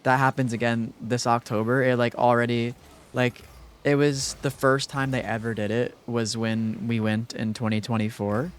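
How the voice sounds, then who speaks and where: A man's voice: mid-range voice, level tone, normal speed, clear, resonant tone. A young man streaming live, chatting casually and rambling with lots of fillers while thanking viewers.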